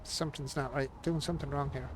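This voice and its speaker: A man's voice: medium pitch, fairly even intonation, quick pace, noisy background. A man streaming a building game, casually muttering to himself and mocking his own frustration. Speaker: gaming streamer. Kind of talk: casual live-stream commentary while building.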